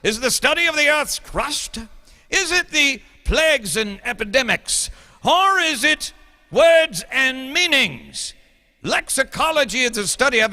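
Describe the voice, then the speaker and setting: A man's voice: very high-pitched, bright, forceful tone, in a large hall, pitched above the performer's own voice, full character voice. A man voicing a stern English schoolteacher lecturing his class, in a put-on English accent and a theatrical, schoolmasterly manner.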